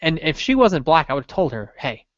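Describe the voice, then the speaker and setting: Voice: medium pitch, sing-song, a little fast, highs cut off. A podcast co-host telling a crude, joking story in casual chat, rambling along with lots of filler words.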